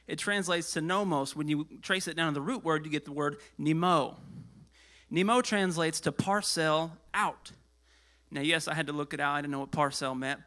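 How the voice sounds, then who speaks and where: Guy pastor preaching, kinda high bright voice, out of breath, goes loud then hushed. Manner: animated, swings between loud and hushed. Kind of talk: sermon.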